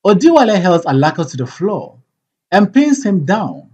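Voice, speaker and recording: An audiobook reader reading stage directions in a measured, plain way. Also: medium pitch, very animated, a little mellow, husky, lo-fi sound.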